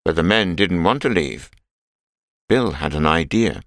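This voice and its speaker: Deep-voiced man reading a story. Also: animated, fairly bright tone, dry recording, clean studio sound. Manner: clear, measured reading for learners. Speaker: narrator. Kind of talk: scripted storybook narration.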